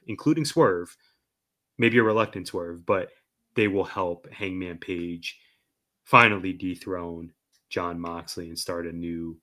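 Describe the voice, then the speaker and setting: A man with a low, bright voice gives wrestling opinions on a casual podcast. He talks with animated emphasis, and his voice stays low and bright the whole way through. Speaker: podcast co-host.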